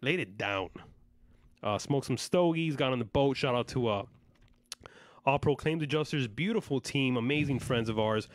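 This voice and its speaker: A man hosting a podcast in loud, joking, profane casual chat. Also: mid-range voice, normal speed, no echo. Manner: loud, joking, swearing freely. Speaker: podcast host.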